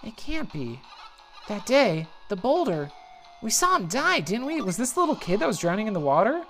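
A woman voicing an excitable young male hero from a video game, in a high, agitated voice. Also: normal speed, faint music behind. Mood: alarmed.

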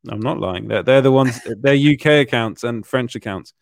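A man's voice: medium pitch, moderate pace, gravelly, no echo, studio quality. A young British man hosting a casual chat, telling rambling stories and laughing often. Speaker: podcast host.

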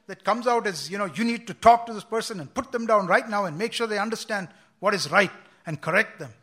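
A man's voice: high voice, bright, forceful tone. A man preaching a sermon, earnest and repeating words as he quotes scripture with emphasis.

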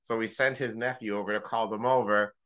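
A man co-hosting a podcast, telling a story in casual chat, animated, swearing freely and mimicking friends in high joking voices. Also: fairly quick. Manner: swears casually, uses gamer slang. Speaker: podcast co-host.

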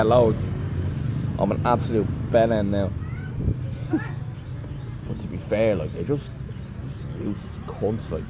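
With a lowish voice, a man hosts a podcast from a covered seat outside a café while it rains. The talk is a casual, sweary rant full of complaints and lively storytelling, recorded amid loud traffic and construction noise.

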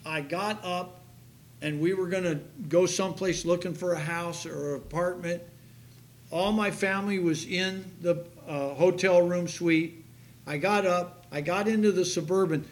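A man preaching a sermon to his congregation, telling a story with animated delivery that rises to near-shouts. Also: high-pitched. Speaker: pastor. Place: church sanctuary.

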